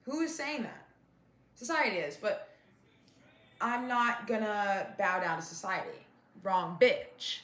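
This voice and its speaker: A woman's voice: mid-range voice, takes it slowly, long pauses, a bit bright, echoey room. A woman in her twenties telling a storytime rant, with lots of "like" and "whatever", while she eats. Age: 20s. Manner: chatty, fillers of like and whatever; eating while talking. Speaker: vlogger.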